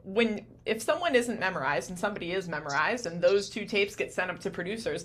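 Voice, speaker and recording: A woman acting coach on a podcast giving confident, practical explanations to parents. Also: fairly low pitch. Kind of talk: advice-giving podcast talk.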